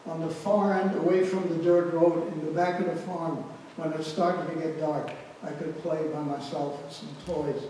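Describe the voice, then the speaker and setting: A man's voice: on the high side, little pitch movement, moderate pace, dark tone, slight background noise. A man in his eighties giving spoken testimony to an audience, telling his story earnestly and repeating words for emphasis. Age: 80s. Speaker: Holocaust survivor giving testimony. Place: large community event hall. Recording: echoey hall, voice from far off.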